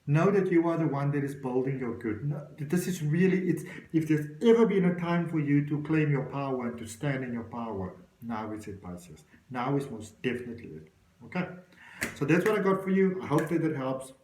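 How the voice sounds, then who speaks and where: A man's voice: on the high side, lively intonation, brisk, darkish tone. Guy doing a tarot reading to camera, encouraging, talks right at you, kinda echoey room. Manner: encouraging, talks straight to the viewer. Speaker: tarot reader.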